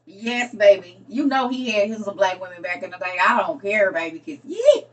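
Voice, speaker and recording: A woman chatting casually with her viewers, sassy and drawn-out, tossing in honey and baby. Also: mid-range voice, sing-song, recorded from a distance, dull audio. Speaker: streamer.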